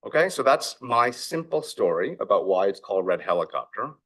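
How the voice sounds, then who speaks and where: A man's voice: on the low side, sing-song, brisk, fairly bright tone. A middle-aged man, an author and investor, giving a conference keynote in a reflective storytelling manner. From United States. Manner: storytelling, reflective, acts out family dialogue.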